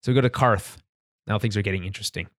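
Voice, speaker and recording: A man's voice: on the low side, very fast, no echo, studio quality. A man co-hosting a podcast, chatting casually about a TV episode, laughing often and restarting sentences. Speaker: podcast co-host. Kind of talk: casual chat recapping a TV episode.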